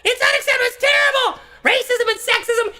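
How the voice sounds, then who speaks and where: A man voicing a shrill, self-righteous little bird in a squeaky falsetto, preachy and shrieking with outrage. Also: fairly even intonation, fast talker, bright, forceful tone, exaggerated voice.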